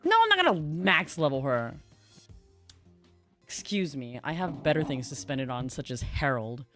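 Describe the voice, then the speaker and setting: A woman's voice: sits low, sing-song, normal speed, over music. A woman streaming a game who chats casually with her viewers, reads the story aloud, often laughs and stumbles over hard game words. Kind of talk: casual livestream chat and story reading.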